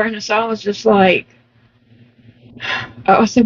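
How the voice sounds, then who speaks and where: A woman chats slowly while crocheting, stressing her points and laughing often. Her voice sits at an ordinary middle pitch. The recording sounds muffled and lo-fi. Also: steady tone, a little mellow. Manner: slow storytelling, emphatic, laughing often. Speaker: vlogger. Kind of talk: casual chat while crocheting.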